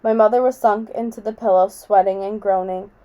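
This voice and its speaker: A woman reads a novel aloud in a quiet, measured voice. Her tone is mellow and soft, with an ordinary middle pitch. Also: steady tone, lo-fi sound. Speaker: audiobook reader.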